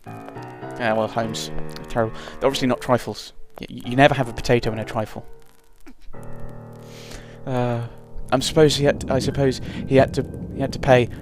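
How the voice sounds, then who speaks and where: A man's voice: medium pitch, little pitch movement, moderate pace. A man giving casual let's play commentary, rambling and self-deprecating with puns. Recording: game music behind commentary.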